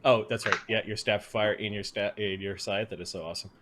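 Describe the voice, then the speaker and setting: A man narrating as game master of a tabletop game, relaxed and chuckling, with many fillers. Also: lowish voice, quick pace, noisy background.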